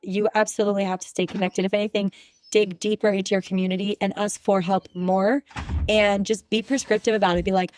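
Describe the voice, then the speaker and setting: A woman's voice: medium pitch, flat delivery, brisk, darkish tone, dry recording. A woman guest on a podcast who speaks candidly and with emphasis, sharing her views in casual conversation. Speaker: podcast guest, relationship expert.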